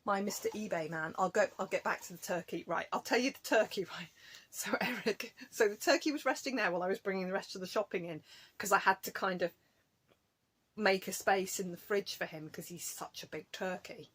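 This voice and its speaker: A woman's voice: mid-range voice, brisk, fairly bright tone, slightly rough. A woman chatting casually to camera in a home craft vlog, rambling from topic to topic and laughing often. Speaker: craft vlogger.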